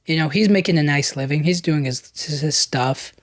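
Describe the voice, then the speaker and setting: A man's voice: fairly high pitch, moderate pace, no room sound, clean studio sound. A young man hosting a podcast, retelling a film in loose casual chat, full of "like" and "you know". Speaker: podcast host.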